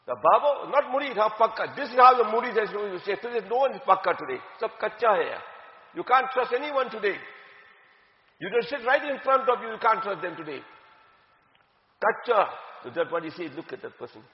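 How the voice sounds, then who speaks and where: A woman's voice: medium pitch, lively intonation, normal speed. Woman religious teacher, earnest and repetitive, recorded in a big reverberant hall. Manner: earnest, repeats key phrases for emphasis. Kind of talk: religious talk. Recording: dull, echoey hall with long reverb.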